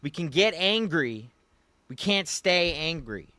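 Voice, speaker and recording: A man hosts a loose, rambling livestream and talks straight to the viewers in his chat in a folksy way. His voice is bright and forward, and the recording is close and dry, with no room sound. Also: a little high, lively intonation, takes it slowly, no echo. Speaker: livestream host. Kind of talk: casual livestream commentary. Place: Louisiana.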